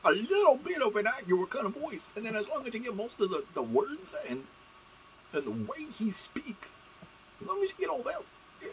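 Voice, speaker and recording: A man talking in a put-on squeaky, high-pitched voice, rambling and stammering. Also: a little hiss or hum, full character voice, poor audio.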